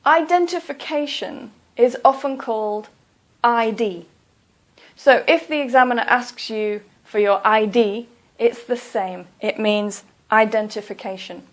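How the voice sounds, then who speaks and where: A woman giving a slow, scripted English test lesson, pronouncing each phrase carefully. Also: fairly high pitch. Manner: slow, careful, clearly enunciated.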